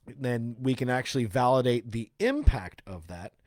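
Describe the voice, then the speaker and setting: A man at a medium pitch talks through self-help advice in a loose, conversational way, full of "like" and quick "right?" check-ins. The sound is dry and close, with no room around it. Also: a little mellow, no echo. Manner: explains with frequent "right?" and "okay?" check-ins; casual, loose phrasing with restarts and "like".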